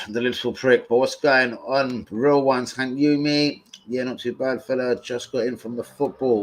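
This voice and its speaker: A man's voice: mid-range voice, moderate pace, hardly any pauses, a bit bright. Slangy, profane young man streaming live. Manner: profane, combative banter with chat trolls, slangy. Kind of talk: casual live-stream chat.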